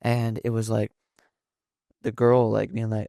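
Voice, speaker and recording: A man's voice: fairly low pitch, monotone, normal speed, vocal fry, warm tone, no echo, clean studio sound. A young man in his late teens, a podcast guest telling rambling stories with lots of fillers and restarts. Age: young adult. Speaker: podcast guest, son of host. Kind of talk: casual storytelling chat.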